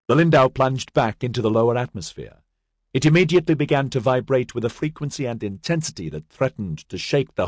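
A man narrating a science fiction audiobook in an expressive, dramatic reading style. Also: fairly low pitch, dry recording, clean studio sound. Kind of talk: scripted narration.

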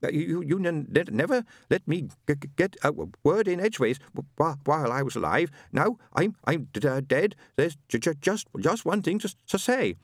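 A man's voice: fairly high pitch, big pitch swings, moderate pace, few pauses, no echo, clean studio sound, voice pushed up. A man voicing the ghost of a henpecked older husband who stammers heavily. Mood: nervous. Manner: heavy stammer.

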